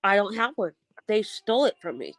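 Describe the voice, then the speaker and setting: A woman's voice: medium pitch, sing-song, fairly quick, dry recording. A woman hosting a casual livestream chat, rambling with restarts and laughing often. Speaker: livestream host.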